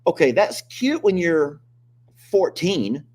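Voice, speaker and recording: Husky, lively older man. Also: fairly high pitch, slow pace. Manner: animated, joking complaints, frequent laughs. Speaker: host. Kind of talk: casual live-stream chat.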